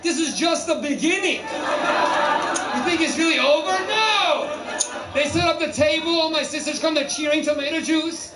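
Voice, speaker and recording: A man's voice: very high voice, brisk. A man doing a stand-up comedy set about his mother, imitating her pushy voice. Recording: echoey room, far from mic, noisy crowd.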